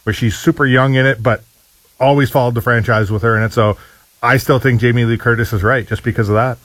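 A man's voice: medium pitch, steady tone, brisk, a bit bright, dry recording, rough recording. Easygoing male radio co-host. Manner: laughing easily, chatty. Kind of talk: casual morning radio chat.

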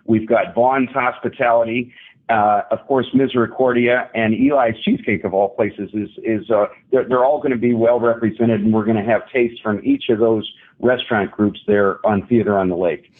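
A man calling in as a guest to a radio interview, upbeat and halting, with lots of restarts. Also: on the low side, fairly even intonation, breathy edge. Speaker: club president, guest. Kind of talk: radio interview over the phone. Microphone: phone. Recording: tinny phone line.

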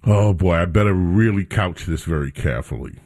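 A man's voice: deep voice, expressive, fairly quick, darkish tone. A man hosting a talk radio show, bantering with his studio crew in a casual commentary style.

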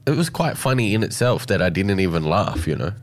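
A man's voice: deep voice, lively intonation, brisk. A man with an Australian accent, co-hosting a casual chat in a laid-back, joking way. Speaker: co-host.

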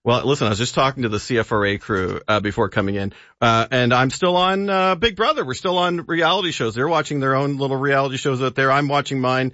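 A man's voice: medium pitch, a little fast, hardly any pauses, bright, forceful tone, no echo, highs cut off. Easy-laughing man on talk radio. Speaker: radio entertainment contributor. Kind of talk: casual radio chat. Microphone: studio microphone.

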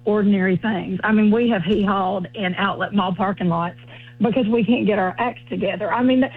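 A woman's voice: medium pitch, brisk, slightly rough. A woman with a Southern US accent, a comedian chatting as a guest over the phone in a bubbly, folksy way. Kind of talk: casual chat on a phone call. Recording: tinny phone line.

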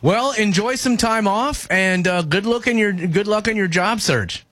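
A man's voice: high voice, a little slow, a bit bright, no room sound. A man hosting a casual morning radio show, chatting and chuckling with a caller on the phone in a teasing, chatty way. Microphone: studio microphone.

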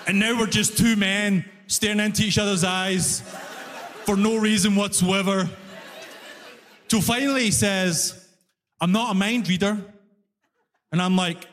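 A man doing a stand-up routine on a club stage, telling a story in an animated way and acting out the people in it. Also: high voice, unhurried. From immigrant to Canada. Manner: animated storytelling, acts out characters. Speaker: stand-up comedian. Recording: live venue reverb, faint crowd ambience.

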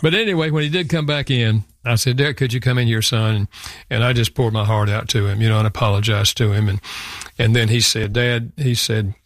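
An older man, a guest author on a radio show, telling a personal story earnestly with halting restarts. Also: mid-range voice, dry recording, studio quality.

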